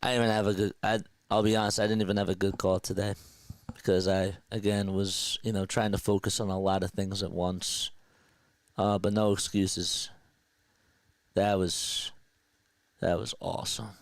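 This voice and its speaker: A man chatting casually on a live sports stream, excited and rambling like an emotional fan. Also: on the low side, moderate pace, no room sound.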